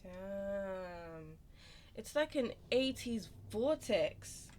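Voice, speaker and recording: A woman's voice: medium pitch, animated, drawn-out words, a little mellow, slight background noise. A young woman playing a horror game, chatting casually and reading character dialogue aloud in playful put-on voices. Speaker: let's play streamer.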